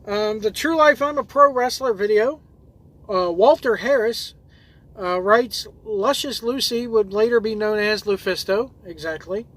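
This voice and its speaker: A man's voice: sits high, a little slow, a bit bright. A man who drives trucks and hosts his own videos, reading viewer comments aloud in a loose, rambling way with lots of fillers and restarts.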